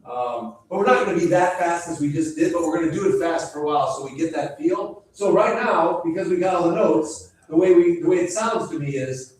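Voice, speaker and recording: A man's voice: on the high side, animated, fairly quick, distant mic. A man directing a church choir rehearsal, chatting, telling anecdotes and counting the singers in. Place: church rehearsal room, large and echoey. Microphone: far from the recording mic. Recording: echoey room recorded from afar, piano. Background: piano and choir singing.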